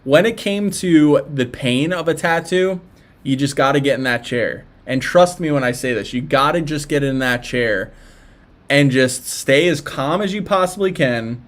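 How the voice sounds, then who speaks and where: A man's voice: a little high, normal speed. A young man with a Philadelphia accent, chatting casually as a livestream host. He reads out viewer messages and answers them in a loose, rambling way, with lots of fillers and restarts. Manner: laid-back, rambling, with frequent fillers and restarts. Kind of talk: casual live-stream chat reacting to viewer messages.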